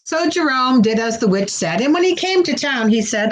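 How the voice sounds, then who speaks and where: A woman reading a children's story aloud, pausing to explain words for young listeners. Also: sits high, animated, a little hiss or hum.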